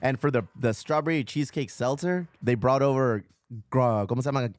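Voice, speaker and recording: A man's voice: medium pitch, brisk, dry recording. A man hosting a podcast in casual chat, telling profane, joking stories. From Mexican American from San Diego area. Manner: profane, joking, animated storytelling. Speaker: podcast host.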